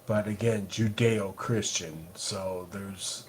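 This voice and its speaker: A man co-hosting a casual livestream chat, making short, quiet, laconic remarks. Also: on the low side, steady tone, takes it slowly, slight background noise. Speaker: podcast co-host.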